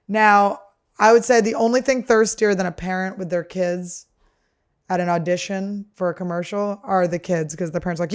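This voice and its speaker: Crude, ranting woman podcast host. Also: mid-range voice. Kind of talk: casual comedic monologue.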